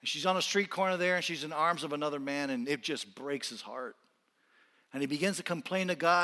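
A man preaching from the pulpit, his voice sharp and forceful as it rings through a large sanctuary. He pushes hard in his appeals, then pulls back to a soft, intimate hush. A long reverb trails every phrase. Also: fairly high pitch, brisk. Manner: impassioned, rising to near-shouting then dropping quiet. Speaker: pastor. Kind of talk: sermon. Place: church sanctuary.

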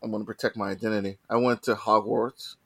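A man's voice: lowish voice, quick pace, husky, no echo. A man in his forties hosting a casual group chat, rambling loosely and correcting himself as he goes. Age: 40s. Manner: relaxed, rambling, self-correcting. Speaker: podcast host.

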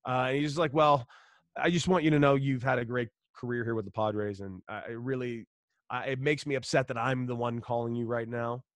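A former pro baseball player from Los Angeles, in his thirties, tells his story as a guest in a casual interview, speaking fairly quickly at a medium pitch. He's an animated storyteller who acts out each person's dialogue and swears freely, recorded dry and close with no room sound.

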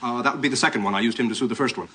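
A man's voice: medium pitch, racing, close to an everyday voice. An actor playing a pompous, fussy male psychiatrist with prim, snobbish delivery in a sitcom clip. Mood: dry. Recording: distant clip with loud background noise.

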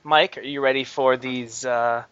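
A man's voice: mid-range voice, fairly even intonation, a little slow, fairly bright tone, clear, resonant tone, no echo. A man from Canada co-hosting a podcast, joking and swearing a lot, laughing often in casual chat. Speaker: podcast co-host. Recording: dull, dry close mic.

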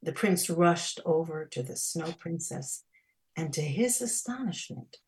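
A woman storyteller reading a fairy tale aloud on a radio storytelling hour, slow and expressive with dramatic pauses. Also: sits low, husky.

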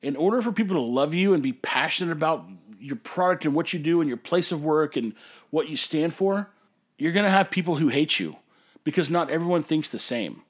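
A man's voice: on the high side, lively intonation, a little fast. A man, a brewery owner hosting a podcast, ranting in an emphatic, passionate way that sometimes turns to hollering. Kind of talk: casual ranting monologue.

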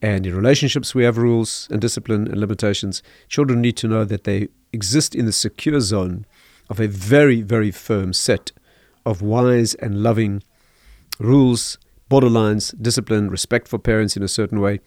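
An older man, a rabbi, explaining parenting calmly in a podcast interview and telling stories. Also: lowish voice, no room sound, studio quality. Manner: measured, storytelling, chuckles at own anecdotes. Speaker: rabbi, guest teacher.

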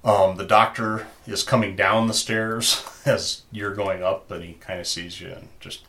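Low-voiced man running a tabletop game. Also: steady tone, a little slow, sharp tone. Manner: loose and chatty, many fillers. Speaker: game master.

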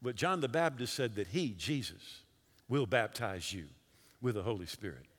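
A man preaching a sermon as a pastor, telling a story with quick shifts between loud and hushed delivery. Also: medium pitch, expressive, slightly rough, big-room sound.

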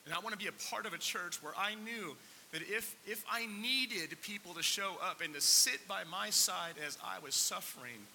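With vocal fry and a sharp edge to his high-pitched voice, a pastor speaks at a moderate pace. His sermon in the church sanctuary is conversational, full of questions for the congregation and near-tearful moments, and the recording carries long hall reverb and a little hiss.

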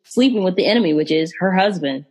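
A woman's voice: fairly low pitch, animated, fast talker, darkish tone, slightly rough. A woman hosting a podcast, chatting casually and animatedly about films, with frequent fillers and direct asides to listeners. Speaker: podcast host reviewing films. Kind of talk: casual chat.

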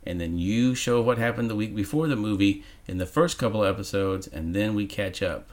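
On a podcast, a male co-host with a lowish voice chats briskly about a movie. He's sarcastic and swears freely.

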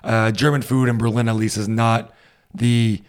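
A man co-hosting a casual chat, easygoing and quick to agree. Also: mid-range voice, level tone, smooth.

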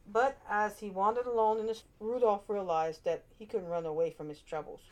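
Brief: woman reading a kids' storybook, expressive, a few stumbles. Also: medium pitch, brisk. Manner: expressive, with small slips and restarts. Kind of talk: children's storybook read-aloud.

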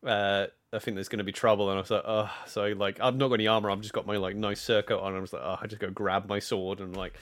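A man's voice: on the low side, little pitch movement, fast talker, few pauses, a bit bright. A man co-hosting a podcast, chatting casually and hesitantly with lots of fillers. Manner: hesitant, many fillers, laughs easily. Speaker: podcast co-host.

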